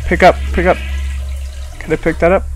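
A man's voice: high voice, little pitch movement, brisk. A man hosting a horror game let's-play, jumpy and exclaiming, talking back to the game as he plays. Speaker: gaming channel host.

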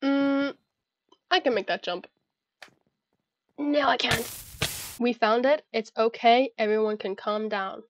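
A woman's voice: a little high, measured pace, pauses often, muffled recording, slight background noise. A young Irish woman giving chatty, giggly commentary to herself while playing a video game. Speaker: gamer. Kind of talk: casual gameplay commentary.

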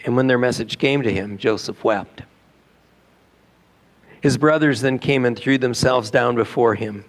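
A man's voice: mid-range voice, a little slow. A male pastor preaching a sermon in a church, telling a story in a conversational way with rhetorical questions. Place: church sanctuary.

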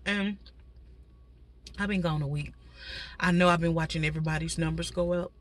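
This woman vlogger's fairly low voice keeps a steady tone and moderate pace as she chats with viewers from a parked car. Slightly stuffy with a cold, she speaks directly to the audience with many asides in a laid-back mukbang chat.

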